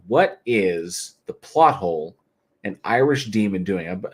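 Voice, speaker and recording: A somewhat low-voiced man hosts a late-night livestream and reads viewer comments aloud. He sounds tired but stays chatty and jokey, laughing often. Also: normal speed. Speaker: livestream host. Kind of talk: casual livestream chat reading viewer comments.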